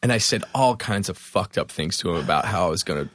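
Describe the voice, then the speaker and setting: Musician guest, male, from Philadelphia; low voice, dry close mic; lively and salty storyteller. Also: fast, dry recording. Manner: animated, profane, self-mocking storytelling. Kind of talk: storytelling in a podcast interview.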